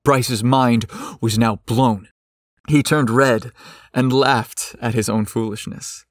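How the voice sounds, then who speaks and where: A man narrating a scripted story in a slow, expressive way. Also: medium pitch, dry recording, studio quality.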